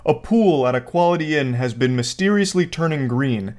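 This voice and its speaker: A man giving casual comedic commentary, joking in a deadpan, mock-serious way. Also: a little high, normal speed. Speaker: online commentator.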